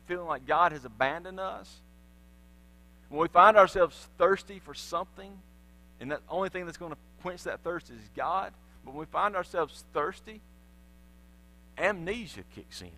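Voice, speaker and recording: High, bright-voiced man preaching a sermon. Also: poor audio. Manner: animated storytelling, acting out voices of biblical figures. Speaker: pastor. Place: church sanctuary.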